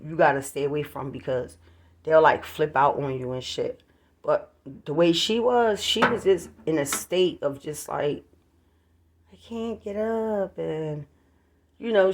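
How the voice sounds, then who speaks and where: Gravelly-voiced vlogger telling a neighborhood story. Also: medium pitch. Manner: profane, rambling, addresses viewers as y'all. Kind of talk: casual storytelling to viewers. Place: at home, near a street.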